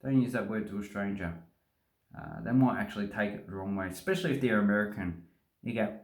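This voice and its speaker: A man's voice: fairly low pitch, a little fast. An Australian man vlogging casually into a phone, joking and wandering into asides while he explains. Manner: chatty, joking, rambling asides. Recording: echoey room on phone.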